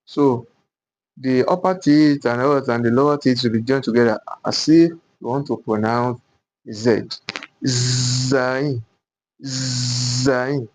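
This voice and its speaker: A man's voice: mid-range voice, darkish tone. A man teaching a Qur'an pronunciation lesson at a board, repeating each letter sound several times and often asking himself "what?" before giving the answer. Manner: slow, repetitive, drills each sound aloud; asks rhetorical "what?" questions. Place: classroom with a board.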